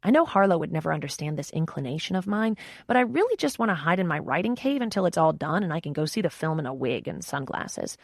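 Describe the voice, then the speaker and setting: A woman reads a romance audiobook in the first person with a wry, expressive delivery. Her voice is slightly low but very lively in pitch. The recording is close and dry. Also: fast, vocal fry, few pauses, no echo. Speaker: audiobook narrator.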